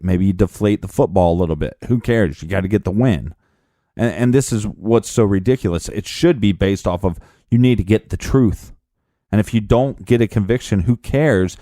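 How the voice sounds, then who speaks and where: A man's voice: lowish voice, warm tone, no room sound, clean studio sound. A man co-hosting a true crime podcast, reacting with blunt, indignant commentary. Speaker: podcast co-host.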